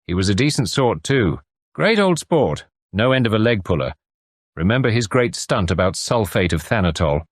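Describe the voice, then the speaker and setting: A man doing a gossiping crime reporter, pub chatter, low lively voice, dry. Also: moderate pace, no echo.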